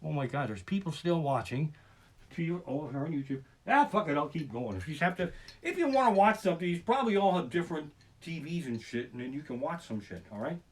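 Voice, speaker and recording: A man ranting through a profane stand-up story, talking fast and jumping into panicked shouted voices. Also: fairly high pitch, lively intonation. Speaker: comedian. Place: living room. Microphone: basic home streaming setup.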